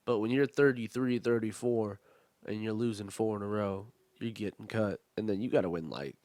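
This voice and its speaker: A man's voice: fairly low pitch, normal speed, a little mellow, no room sound. A man co-hosting a sports podcast, chatting in a slangy, agreeable way and swearing freely. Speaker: podcast co-host. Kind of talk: casual chat.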